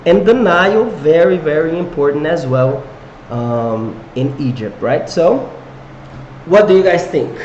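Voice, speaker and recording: A man's voice: a little high, animated, unhurried, darkish tone, echoey room, highs cut off, slight background noise. A man teaching an English grammar lesson to viewers, encouraging them and quizzing them with questions. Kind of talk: live online English lesson.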